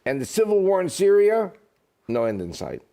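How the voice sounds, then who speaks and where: A man's voice: high voice, moderate pace. A man talking as a guest in a casual interview, telling jokes and stories. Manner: animated, joking storyteller. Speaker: guest speaker.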